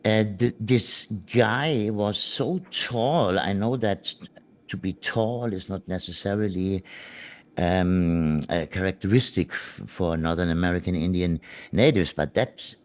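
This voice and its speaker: A man with a lowish voice tells a story as an interview guest. He speaks slowly, halting and restarting as he searches for words. His tone is earnest, with a gentle amusement underneath. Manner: hesitant, halting with many fillers and restarts. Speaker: guest physical medium.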